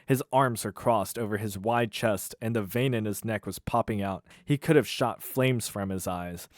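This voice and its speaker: A man's voice: lowish voice, moderate pace, no room sound. Wry man reading aloud, dry room. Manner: incredulous, wry commentary. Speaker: YouTuber reading a book aloud. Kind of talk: comic read-aloud with asides.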